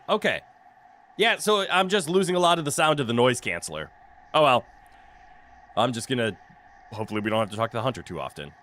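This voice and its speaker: A man's voice: medium pitch, bright, forceful tone. A man streaming a video game in casual commentary, joking, swearing freely and laughing often, into a desk mic with a noise canceller.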